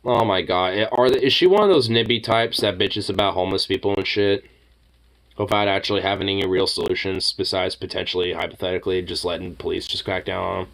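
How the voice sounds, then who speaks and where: A man's voice: low-pitched, fairly even intonation, brisk, vocal fry, fairly bright tone. A man chatting casually, swearing freely and cooing at his pet in baby talk. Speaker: streamer. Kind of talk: casual chat while reading online posts and talking to a pet.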